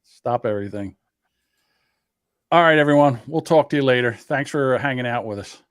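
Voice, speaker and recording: A man's voice: mid-range voice, normal speed, clean tone, no room sound. Joking male podcast host, dry close sound. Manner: loose, joking, stumbling restarts. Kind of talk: casual chat.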